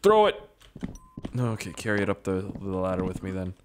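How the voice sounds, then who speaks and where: A man's voice: low-pitched, level tone, fast, a little hiss or hum. A young man from Canada playing a video game, rambling, joking and swearing to himself as he goes. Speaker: gaming YouTuber. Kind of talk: let's play commentary.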